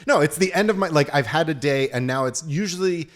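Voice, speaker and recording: A middle-aged man hosting a podcast, telling stories in casual chat, swearing often and acting out other people's lines loudly. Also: fairly high pitch, a little fast. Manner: animated storyteller, swears, acts out quotes loudly. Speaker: podcast host.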